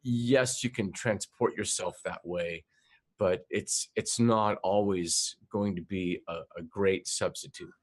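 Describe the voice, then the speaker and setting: A man's voice: sits low, steady tone, slow pace. A man giving a recorded class lecture, hesitant, with many filler sounds and restarts.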